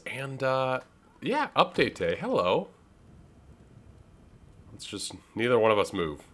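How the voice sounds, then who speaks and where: A man's voice: mid-range voice, wildly swooping pitch, unhurried, pauses often, a bit bright. A young man from Canada giving casual, rambling commentary over his own gameplay, chatting and interrupting himself as he goes. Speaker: gaming YouTuber.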